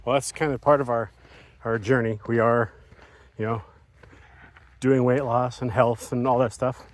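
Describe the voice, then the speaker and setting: A man co-hosting a vlog, speaking in a measured, hesitant way with many fillers, outdoors. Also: medium pitch, little pitch movement. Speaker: vlog co-host. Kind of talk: casual chat.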